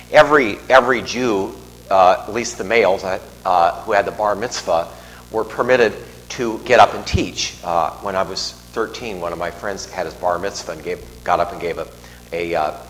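A middle-aged male priest with a lowish, slightly bright voice preaches a homily in church. He rambles conversationally, restarting and slipping in asides. A faint hum and the long reverb of a large church color the recording.

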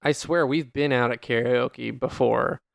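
A man's voice: medium pitch, steady tone, a little slow, gravelly, no room sound. A man co-hosting a podcast, chatting casually with wry, rambling jokes and the odd swear. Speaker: podcast co-host. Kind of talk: casual chat.

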